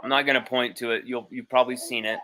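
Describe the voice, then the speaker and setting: Hosting a sports livestream from home, with his child nearby, a sports podcast host talks in a casual, rambling, blunt way and swears easily. His medium-pitched voice is quick, bright, and forceful with little pitch movement, and there's a little hiss or hum.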